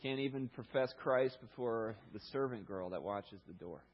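A male pastor preaching a sermon in a conversational, animated storytelling manner, heard through a dull, lo-fi recording. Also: mid-range voice, moderate pace.

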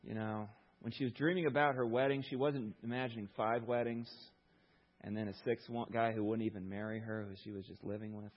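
A male pastor preaching a sermon, retelling a story in an animated way with rhetorical questions. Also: lowish voice, fairly quick, muffled recording.

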